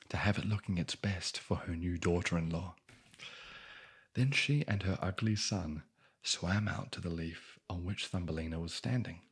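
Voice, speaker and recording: A man whispering a bedtime fairy tale as an ASMR sleep story into a close microphone, soft-spoken, with wry joking asides. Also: low-pitched, slightly rough.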